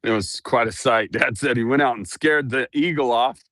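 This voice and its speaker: A man's voice: mid-range voice, normal speed, a bit bright, no room sound, studio quality. A middle-aged man chatting casually through an earbud mic while walking around his ranch outdoors, laughing often and cooing at his dogs. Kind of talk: casual walk-around vlog.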